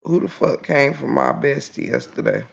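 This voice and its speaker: A man's voice: mid-range voice, big pitch swings, normal speed, gravelly. A man hosting a casual livestream, reading the chat and ranting bluntly with lots of profanity. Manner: blunt and profane, shouts in laughter. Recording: dull lo-fi stream audio.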